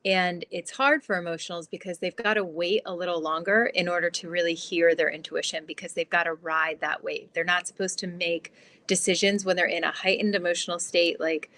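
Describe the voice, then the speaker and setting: A woman guest on an interview podcast, explaining her ideas in a lively, chatty way with lots of "like". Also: fairly low pitch, a little fast. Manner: animated, explanatory, fillers like "like". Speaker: guest, transformation guide.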